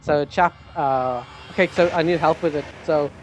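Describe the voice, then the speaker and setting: A man's voice: on the high side, moderate pace, a little hiss or hum. A man from Ireland hosting a gaming livestream, joking and rambling in casual chat. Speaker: streamer.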